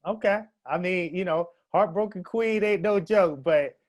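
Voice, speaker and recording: A man's voice: high-pitched, unhurried, dull audio. A male radio host with a New York accent, interviewing casually in a laid-back, slangy way.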